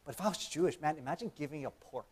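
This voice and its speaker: A man's voice: a little high, racing, crowd noise. A young man giving a casual, conversational church sermon, acting out imagined dialogue and often asking "right?". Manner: animated, acts out imagined dialogue, frequent "right?". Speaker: preacher. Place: church sanctuary.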